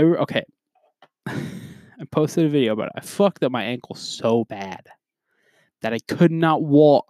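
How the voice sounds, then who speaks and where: A young man hosting a podcast, ranting in a profane, animated, rambling way. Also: mid-range voice, dry recording, studio quality. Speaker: podcast host. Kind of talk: casual ranting monologue.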